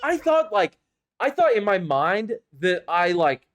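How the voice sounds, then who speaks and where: Young guy picking apart his own fighting game match, kinda high voice, rambly and hard on himself. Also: big pitch swings, measured pace, a bit bright. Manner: self-critical, rambling, swears and laughs at himself. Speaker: gaming YouTuber reviewing his own tournament match. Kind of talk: casual commentary over gameplay footage.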